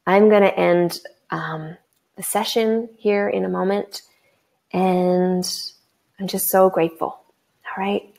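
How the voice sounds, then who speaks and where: Woman coach wrapping up a webinar, bubbly and gushing, bit of vocal fry. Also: mid-range voice, slow pace, pauses often. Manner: effusive, bubbly, breathless excitement. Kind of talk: live webinar wrap-up.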